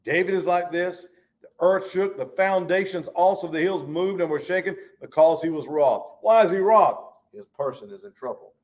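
A man leading a Bible study, preaching fervently in a folksy way and swinging between loud and hushed. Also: high-pitched, moderate pace.

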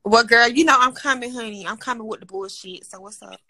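A woman's voice: a little high, brisk, sharp tone. A woman joining a livestream, chatting in a playful, teasing way. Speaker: guest joining the live. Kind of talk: casual chat.

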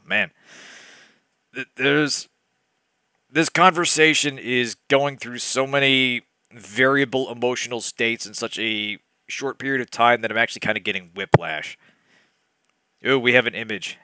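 A man's voice: medium pitch, bright, forceful tone, clear, resonant tone, no echo, studio quality. A young man hosting a comic book-reading game, with wry, digressive asides. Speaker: let's-play host reading a bad novel.

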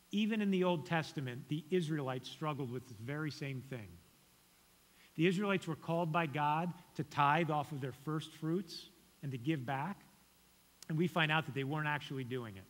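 A young male guest preacher delivers a sermon in a relaxed, conversational way, pressing his listeners with earnest challenges. His voice sits a little high for a man. The sanctuary gives the sound a long, lingering reverb. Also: moderate pace. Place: church sanctuary. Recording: church hall reverb.

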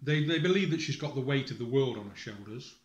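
The recording is muffled and roomy, and the man's medium-pitched voice is animated and fast. Speaking directly to his family as a father, he's distressed and emotional, accusing them angrily, using profanity, breaking off, and reading from a school report on camera.

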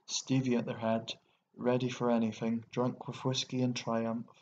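A man with an Irish accent narrating a short story in a steady, even way. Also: mid-range voice, normal speed. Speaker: audiobook narrator. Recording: dull lo-fi recording with faint hiss.

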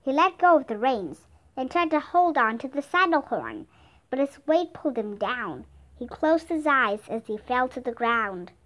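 A woman reading a children's chapter book aloud as a steady, careful narrator. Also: sits high, normal speed. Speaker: storybook reader. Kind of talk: scripted narration.

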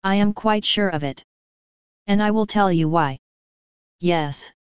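A woman reading an audiobook, voicing a fussy elderly male Belgian detective who speaks calmly and precisely with gentle teasing. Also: medium pitch, measured pace, clear, resonant tone, dry recording, lo-fi sound, lightly acted. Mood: calm, amused.

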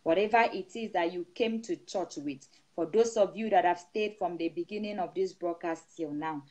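A woman's voice: on the low side, moderate pace, few pauses, mellow. A middle-aged woman pastor preaching a sermon over an online broadcast, speaking in an emphatic, repetitive blessing cadence. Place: seated indoors.

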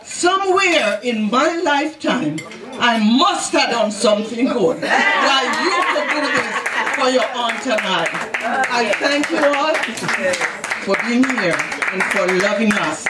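A woman's voice: a little high, animated, measured pace. A woman in her eighties with a Jamaican accent, giving an affectionate birthday speech and laughing through her words. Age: 80s. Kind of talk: heartfelt party speech. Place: large echoey banquet hall. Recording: echoey hall, far mic, crowd noise.

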